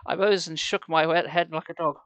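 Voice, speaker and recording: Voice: mid-range voice, steady tone, a little fast, fairly bright tone. A streamer reading a children's horror book live on stream, dry and sarcastic, speaking into a headset.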